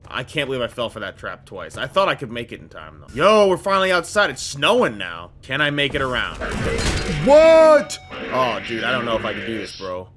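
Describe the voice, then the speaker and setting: Excitable young man reacting to gameplay. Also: medium pitch, fast talker, few pauses, noisy background. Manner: excitable, loud outbursts and repeated phrases, slangy. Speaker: gaming YouTuber. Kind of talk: casual let's play commentary. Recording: game music playing behind voice. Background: game music.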